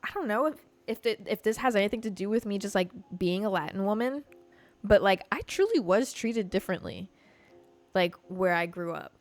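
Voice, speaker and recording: A woman's voice: medium pitch, lively intonation, normal speed, soft background music. Chatty young woman podcast host. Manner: chatty and profane, heavy use of "like". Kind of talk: casual storytelling to a stream audience.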